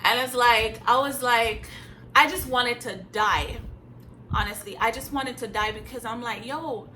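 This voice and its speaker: A woman's voice: fairly high pitch, steady tone, a little slow, pushed and bright, slight background noise, poor audio. A young woman from Jamaica, telling a personal story in a blunt, emphatic way with casual slang. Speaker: vlogger. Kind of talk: candid storytime vlog.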